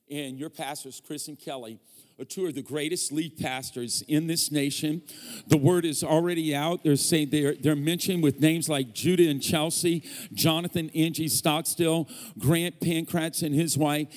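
A guest preacher, a man, speaks from the front of a church, trading playful jokes and banter with his congregation. His voice sits a little high for a man. Long reverb from the sanctuary hangs after each phrase. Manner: joking, teasing banter with the congregation. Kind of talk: sermon.

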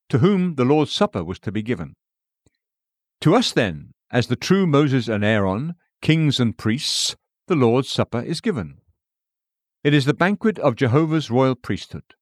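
Male narrator for a devotional audiobook, varied lively intonation, dry close sound. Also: medium pitch, no echo. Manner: measured, quoting scripture and verse references. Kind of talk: scripted devotional reading.

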